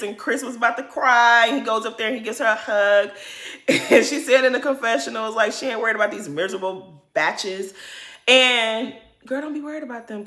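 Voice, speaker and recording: A woman recaps reality TV in a sassy, blunt, profane way. Her voice sits fairly high and bright and swings widely in pitch. She is recorded in an echoey room. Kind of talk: casual recap commentary.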